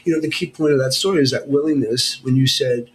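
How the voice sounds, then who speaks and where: A man talking on a podcast as a guest, explaining ideas haltingly with many fillers and restarts. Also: medium pitch, a crowd in the background, rough recording. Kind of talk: casual podcast chat.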